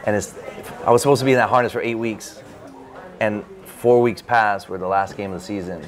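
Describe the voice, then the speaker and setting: A man with a fairly low voice tells a personal story to an interviewer at a bookstore event. He is animated and loose, stacking "like" fillers as he goes. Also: brisk. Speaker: author. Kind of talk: casual anecdote in an interview.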